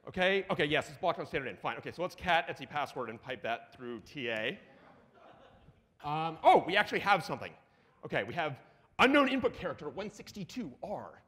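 Excitable high-voiced man giving a tech talk. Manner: excitable, profane, rapid asides. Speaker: conference speaker. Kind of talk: live lightning talk with terminal demo. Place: conference hall. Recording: reverberant conference hall.

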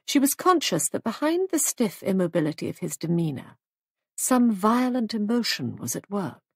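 A woman narrating a mystery audiobook in a measured storytelling manner, recorded close to the mic. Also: medium pitch, big pitch swings, darkish tone, husky, dry recording.

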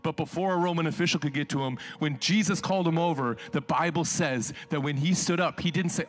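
Male pastor, high voice, impassioned and casual, drops quiet then builds loud. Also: brisk, hardly any pauses, soft background music. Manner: impassioned, swinging between hushed storytelling and loud exhortation; colloquial, conversational preaching. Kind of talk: sermon.

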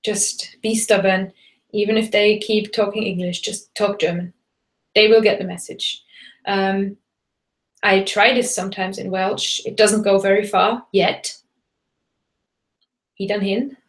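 A woman's voice: medium pitch, steady tone, a little slow, long pauses. A woman hosting a live webinar as a German teacher, talking casually and hopping between German and English with fillers and restarts. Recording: roomy echo.

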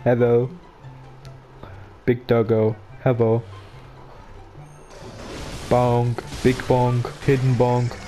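A man with a German accent giving casual gaming commentary in a flat monotone, joking to himself over a basic microphone. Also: mid-range voice, drawn-out words, pauses often, soft background music. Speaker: gameplay commentator.

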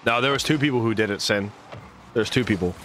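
A man's voice: lowish voice, quick pace, a bit bright, soft background music. A man streaming as a caster, talking casually and a bit apologetically to his viewers between plays.

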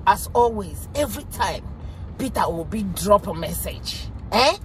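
A woman's voice: medium pitch, lively intonation, measured pace, slight background noise. A young Nigerian woman chatting in a casual vlog from inside her car while driving, exclaiming often and slipping into pidgin. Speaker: vlogger. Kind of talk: casual commentary.

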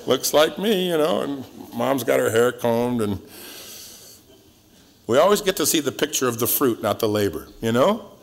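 A male pastor teaching through a Bible passage verse by verse in a relaxed, joking, conversational way, his voice swinging up and down. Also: moderate pace, gravelly, a little hiss or hum. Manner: conversational and joking, with wide swings in pitch and loudness.

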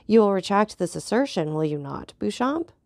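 A woman voicing a proud, hot-tempered young nobleman who makes urgent, insistent demands, in a gravelly voice on a dry recording. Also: lowish voice, animated, normal speed, a little mellow, dry recording. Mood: indignant.

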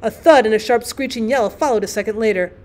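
A woman teacher reading a classic short story aloud as an audiobook, with expressive, dramatic storytelling. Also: a little high, fast talker.

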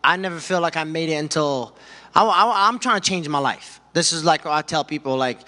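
Excited man in a reverberant hall. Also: fairly high pitch, a little fast. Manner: excited, rambling with lots of "you know". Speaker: fighter. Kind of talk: post-fight interview.

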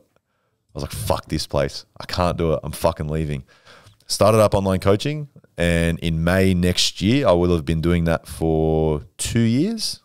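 Brash guy in his 20s, deep and quick, smooth clear voice, dry close sound, swears freely. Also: no echo. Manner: brash, profane, boastful storytelling. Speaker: podcast guest. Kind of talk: casual podcast chat.

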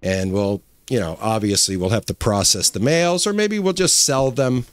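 Chatty man narrating his ranch game. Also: lowish voice. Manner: rambling, halting, many fillers and restarts. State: emotional, choked up. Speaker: gaming channel host. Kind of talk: casual gameplay commentary.

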